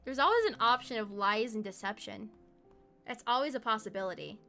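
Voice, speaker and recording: Bright, playful high-voiced woman streamer. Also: fairly quick, faint music behind. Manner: playful, rambling, giggly. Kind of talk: casual live stream chat.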